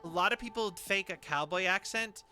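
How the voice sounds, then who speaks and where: A man's voice: sits high, moderate pace, pushed and bright, soft background music. A young man streaming a game, talking in a rambling, chatty way and laughing between thoughts. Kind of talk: casual game commentary.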